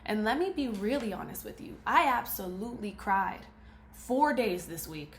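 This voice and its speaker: A woman's voice: medium pitch, expressive, moderate pace. A woman giving an emphatic, preachy motivational talk to camera, repeating her key phrases. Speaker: motivational speaker. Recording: roomy echo, faint ambience.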